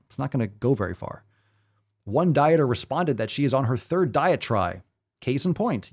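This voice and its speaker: A man's voice: mid-range voice, a little mellow. A man hosting a podcast, giving profane, sarcastic commentary as he reads posts and articles aloud. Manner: sarcastic, mocking, emphatic. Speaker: podcast host.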